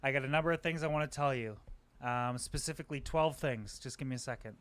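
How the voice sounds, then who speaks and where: A man who is a guest on a live stream, talking from a home microphone in energetic, joking bursts and poking fun at himself. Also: medium pitch. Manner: energetic, joking, talks in quick bursts, self-deprecating. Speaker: guest, aquarium YouTuber. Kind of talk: casual live-stream chat. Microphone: home microphone just set up.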